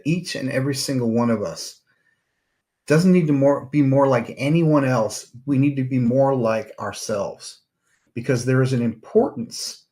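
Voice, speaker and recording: Guy hosting a therapy podcast, mid pitch, telling a story loosely with lots of uhs and restarts. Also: darkish tone. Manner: loose, rambling delivery with many fillers and restarts. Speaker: podcast host; psychotherapist. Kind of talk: storytelling monologue.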